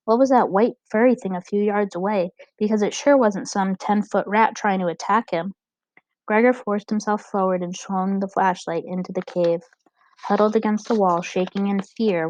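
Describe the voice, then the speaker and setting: A woman's voice: mid-range voice, a little mellow, dry recording. Woman reading an audiobook, dry sound. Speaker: audiobook narrator. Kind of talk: audiobook narration. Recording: dull, dry lo-fi recording.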